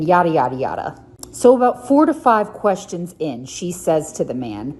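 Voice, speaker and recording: A woman's voice: sits low, sing-song, moderate pace, a little mellow, slight background noise. A woman telling a story in a vlog, chatty and wry.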